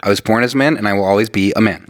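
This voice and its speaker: A man's voice: lowish voice, very fast, voice pushed down, lightly acted. A man putting on a prim, combative conservative male pundit, stiff and lecturing. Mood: indignant.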